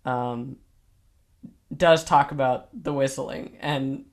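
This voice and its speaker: A man's voice: medium pitch, fairly even intonation, takes it slowly, creaky. A teenage boy hosting an interview, speaking hesitantly with many fillers and restarts. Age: teens. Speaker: host. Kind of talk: casual interview chat.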